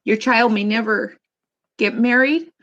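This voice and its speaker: A woman in her forties, a mother talking as a guest in a casual interview, telling family stories in an animated way with laughs. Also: on the high side, a little slow, dull audio. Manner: warm, animated storytelling with laughs.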